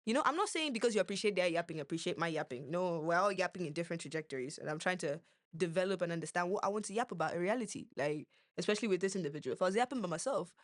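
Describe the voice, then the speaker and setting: A woman's voice: lowish voice, lively intonation, rapid-fire, dry recording. Podcast co-host: young woman, playful rambler, dry close sound. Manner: rambling, playful, slips between accents. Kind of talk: casual podcast chat.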